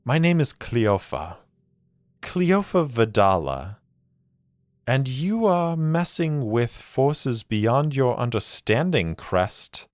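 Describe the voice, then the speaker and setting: A woman's voice: extremely low pitch, very animated, slow, darkish tone, no room sound, clean studio sound, pitched above the performer's own voice, full character voice. A man voicing a cold, menacing female sorceress who speaks through a reflection.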